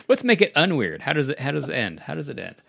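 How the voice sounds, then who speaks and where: A man's voice: fairly high pitch, big pitch swings, fairly quick, gravelly, fairly bright tone. A man co-hosting a casual podcast, trading dry jokes with his co-host. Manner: dry joking banter. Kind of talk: casual chat.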